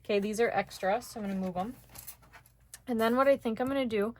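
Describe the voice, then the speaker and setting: A woman's voice: fairly high pitch, fast talker, darkish tone. Chatty woman thinking aloud while crafting. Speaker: card-making instructor. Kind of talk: casual craft tutorial chat.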